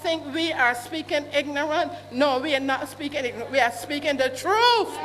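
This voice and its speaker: A woman's voice: high-pitched, moderate pace, few pauses, a faint crowd. A woman in her sixties with a Barbadian accent, speaking up indignantly as a resident at a town hall meeting, often asking questions aloud. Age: 60s. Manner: indignant, repeats questions, rising to shouts. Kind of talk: public complaint at a meeting. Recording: hall reverb, faint hum.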